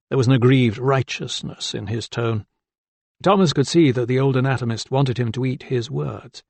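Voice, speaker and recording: Male audiobook narrator, gravelly voice, dry close sound, steady and deliberate. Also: mid-range voice, dry recording. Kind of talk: scripted narration.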